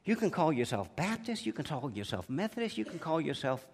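Very animated and fairly quick, this pastor's fairly high, slightly rough voice drives an emphatic sermon. He swells and drops in volume, chuckling as he shares stories.

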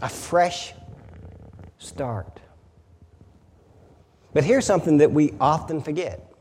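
High-voiced preacher in a reverberant hall. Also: male voice, animated, takes it slowly, breathy edge. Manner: emphatic preaching, swelling louder on repeated phrases. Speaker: pastor. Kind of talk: sermon.

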